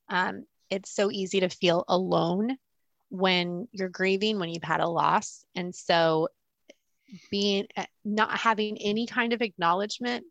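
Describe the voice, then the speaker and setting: A woman co-hosting a podcast, speaking thoughtfully and haltingly with frequent restarts. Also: medium pitch, a bit bright, no room sound. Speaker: podcast co-host. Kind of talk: reflective podcast conversation.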